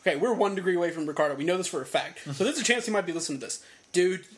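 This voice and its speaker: A man co-hosting a casual podcast chat, excitable and prone to indignant rants. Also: sits high, racing. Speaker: podcast co-host. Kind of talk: casual chat about wrestling.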